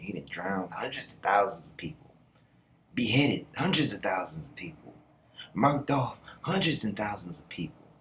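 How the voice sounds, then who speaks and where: A man hosting his own video channel, talking in a casual, slangy, animated way with quick asides and laughs. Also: low voice, a little hiss or hum. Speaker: YouTube host. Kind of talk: casual commentary.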